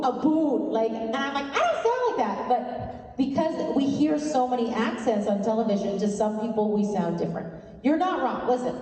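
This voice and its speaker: A woman from Canada, a guest on a convention panel, answering fans in a lively, laughing way and swearing freely. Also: on the high side. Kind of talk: live fan Q&A. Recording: echoey convention hall from far off.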